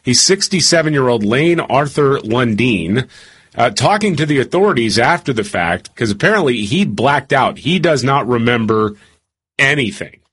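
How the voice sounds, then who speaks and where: A male co-host chats casually and tells stories about himself with a self-deprecating streak. His voice is husky and sits at a middle pitch. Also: lively intonation, normal speed, fairly bright tone. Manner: chatty, self-deprecating storyteller. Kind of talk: casual chat.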